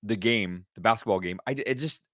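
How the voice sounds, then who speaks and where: A middle-aged man hosting a casual solo podcast, talking with excited energy and often repeating himself. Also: on the low side, brisk, dry recording, studio quality. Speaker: podcast host.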